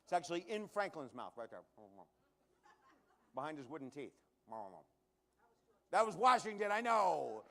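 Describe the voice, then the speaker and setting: A man's voice: a little high, sing-song, creaky, pushed and bright. A man performing a live comedy magic act on a showroom stage, cracking jokes and chatting with the crowd as he does tricks. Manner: joking, quick asides to the crowd.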